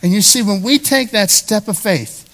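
A male pastor with a high voice preaches a sermon to his congregation. He talks to them directly and conversationally, and he repeats key phrases to drive each point home. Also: normal speed, a bit bright. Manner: emphatic, repeats phrases for stress.

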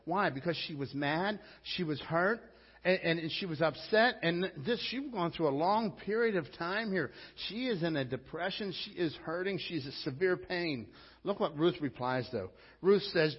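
Male pastor, fairly high voice, emphatic conversational preaching; muffled lo-fi sound with long hall reverb. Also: expressive, moderate pace, husky. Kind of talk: sermon.

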